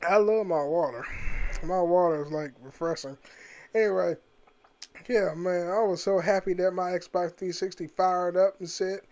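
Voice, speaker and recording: A man's voice: sits high, steady tone, normal speed, a little mellow. Brief: man, home gaming vlog, loose and profane, rambling, laughs a lot. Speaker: gaming vlogger. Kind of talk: casual rambling monologue.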